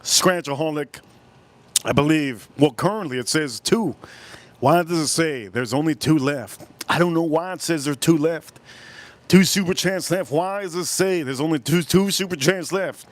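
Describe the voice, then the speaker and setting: A man's voice: a little high, normal speed. A man with a Miami accent hosting a casual live stream, rambling and stretching his words out as he reads chat. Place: cold room at home.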